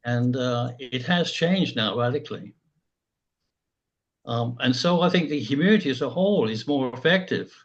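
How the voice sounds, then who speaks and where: An older man from England, speaking slowly and haltingly in a reflective group discussion, with many pauses. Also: medium pitch, expressive, dull audio. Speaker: group member.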